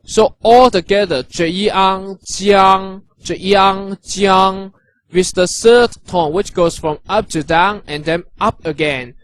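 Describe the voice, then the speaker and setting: A man teaching characters and their pronunciation, patient and encouraging, repeating each sound slowly. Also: high voice, no room sound. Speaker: language teacher. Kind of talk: instructional narration.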